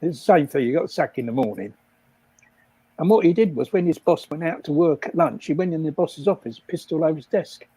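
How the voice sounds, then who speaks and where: A man's voice: on the high side, animated, brisk, mellow, slightly rough, dry recording, low-quality recording. An older man casually telling rambling stories, laughing often at his own jokes. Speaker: guest storyteller.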